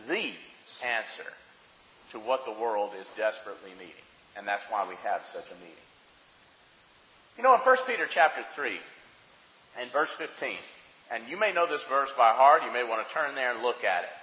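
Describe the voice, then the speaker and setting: A man preaching a sermon in a church hall, earnest and reflective, dropping from loud emphasis to quiet asides. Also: medium pitch, big pitch swings, moderate pace. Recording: roomy hall with long reverb, dull lo-fi sound.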